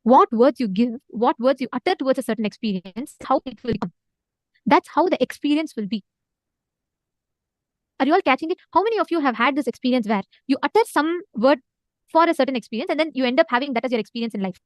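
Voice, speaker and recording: A woman with an Indian English accent leads a live online spiritual session. She talks quickly and earnestly in a high voice, pressing listeners to answer in the chat. Her voice sounds dry and close. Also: expressive, no echo. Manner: earnest, urging the audience to respond.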